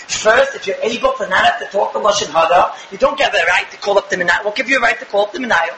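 A man with a high voice rattles through a religious lecture at a brisk clip. He hammers points with rhetorical questions. The sound is echoey, with steady background noise. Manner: emphatic, rhetorical questions, acts out dialogues. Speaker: religious teacher. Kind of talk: Torah lecture.

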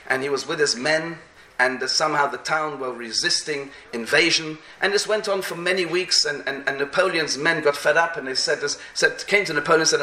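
Animated high-voiced man preaching. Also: echoey room. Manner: animated, repeats phrases, mixes in Hebrew and Yiddish terms. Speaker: rabbi giving a talk. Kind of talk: sermon with storytelling.

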